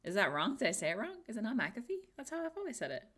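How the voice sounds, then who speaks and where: Lively, bright-voiced woman chatting on stream. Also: fairly high pitch, rapid-fire. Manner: chatty, giggly, talks to herself while reading. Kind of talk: casual chat.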